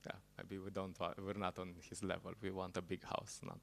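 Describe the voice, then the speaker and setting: Casting: a male temple speaker, halting storyteller, deep voice with plenty of fry. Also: completely flat delivery. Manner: halting, storytelling, laughs at own jokes. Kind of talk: sermon.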